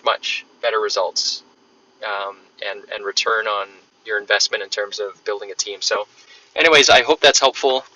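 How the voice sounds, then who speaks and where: A man's voice: fairly low pitch, bright, forceful tone. A man hosting a podcast, explaining ideas in a casual, conversational way while on the road. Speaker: podcast host. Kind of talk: casual solo podcast talk. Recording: distant, dull lo-fi sound with faint noise.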